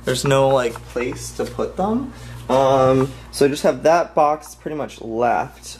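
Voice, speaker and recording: A young man vlogs in a casual, chatty way, slow-paced and expressive with a darkish tone. He jokes around, leans heavily on fillers, and squeals into falsetto now and then. A music bed plays under his voice, with slight background noise.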